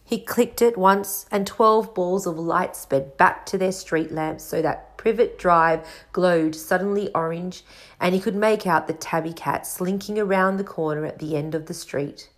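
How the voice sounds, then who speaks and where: Brief: woman storybook reader, lowish voice, measured and expressive. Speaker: audiobook reader. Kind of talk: storybook narration.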